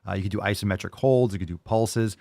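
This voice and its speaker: Brash, profane fitness podcast host. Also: male voice, on the low side, quick pace, gravelly, warm tone, no echo, clean studio sound. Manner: brash, joking, profane, enthusiastic. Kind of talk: casual podcast chat and training advice.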